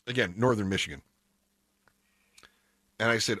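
Male talk radio host, chatty and wry, bright tone over a dry studio mic. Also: mid-range voice, big pitch swings, a little fast, long pauses, breathy edge, no room sound. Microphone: studio microphone.

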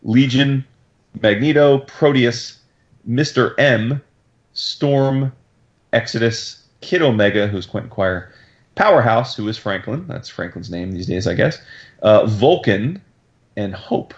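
An excitable man hosting a casual podcast, his voice sitting at an ordinary pitch. He talks fast and slangy, with plenty of swearing and fillers. The audio sounds dull and lo-fi. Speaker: podcast host. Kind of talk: casual comic book recap chat.

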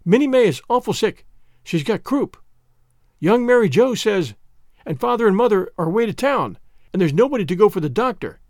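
A man's voice: very animated, brisk, a little mellow, no echo, studio quality. A man doing a frightened breathless young girl. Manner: high, urgent pleading.

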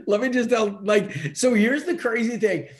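A man's voice: high voice, moderate pace. A man hosting a casual podcast chat, coaching on sales skills in an emphatic way, repeating points for stress.

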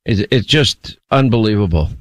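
A man's voice: fairly low pitch, expressive, moderate pace, no echo. Blunt man hosting talk radio, dry mic. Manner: blunt, repeats words at the start of phrases.

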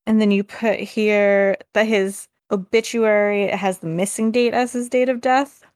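A woman's voice: mid-range voice, steady tone, a little slow, a little mellow, no echo. Chatty woman podcast co-host. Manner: chatty, reads case details aloud. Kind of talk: casual chat.

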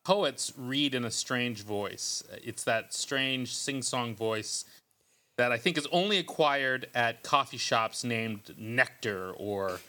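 A man's voice: medium pitch, animated, takes it slowly, pushed and bright. A man hosting a podcast in casual, joking chat, loose and full of ums. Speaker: podcast host.

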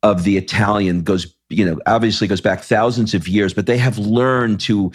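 A podcast host with a lowish, steady, husky voice interviews a guest at normal speed. He tells stories casually and rambles, restarting himself often.

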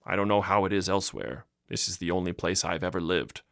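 A man's voice: sits low, brisk, vocal fry, a bit bright, no room sound, clean studio sound. A man reading an audiobook, voicing an older village mayor who talks emphatically and insists he is right. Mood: musing. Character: old village mayor, insistent and self-assured.

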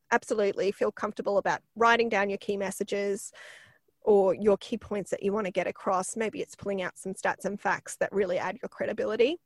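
A woman with a croaky voice, a PR expert chatting as a podcast guest with lots of fillers and restarts. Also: mid-range voice, no echo. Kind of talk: casual podcast interview.

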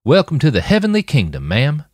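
A man's voice: mid-range voice, huge pitch swings, moderate pace, no room sound, clean studio sound, pitched above the performer's own voice. A man voicing a polite, boyish young guard who speaks in a courteous drawl.

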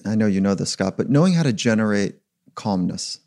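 A man's voice: on the low side, expressive, brisk, vocal fry, darkish tone. A man being interviewed as a performance psychologist, talking in a reflective, emphatic way. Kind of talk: podcast interview.

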